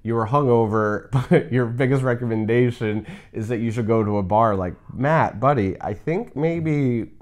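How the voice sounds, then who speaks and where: A man's voice: medium pitch, moderate pace, hardly any pauses, a little mellow. A man co-hosting a casual reaction chat, joking with a mock-exasperated tone and lots of "like". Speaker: co-host.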